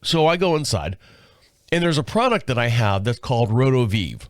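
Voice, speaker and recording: A man's voice: medium pitch, sing-song, normal speed, no echo, studio quality. Sniffly fifty-something man with a cold. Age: 50s. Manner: rambling, profane storytelling. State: sick with a cold, sore throat. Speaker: podcast host. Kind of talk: casual chat monologue.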